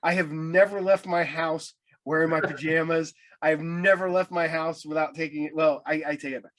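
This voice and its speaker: Podcast host guy, rambly stories, kinda high voice. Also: steady tone, brisk, a bit bright. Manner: rambling anecdotes with many restarts. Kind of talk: casual interview chat.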